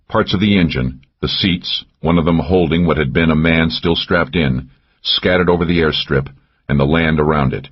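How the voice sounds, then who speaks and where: A man's voice: low-pitched, breathy edge, highs cut off. A man narrating a first-person thriller audiobook, tense and driving in action scenes.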